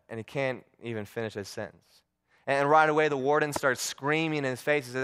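Male preacher, sermon storytelling, earnest, repeats words, smooth resonant voice, medium pitch. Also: brisk, fairly bright tone.

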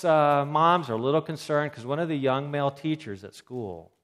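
Man, health talk, storytelling, animated delivery, acts out quotes. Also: fairly high pitch, moderate pace, hardly any pauses.

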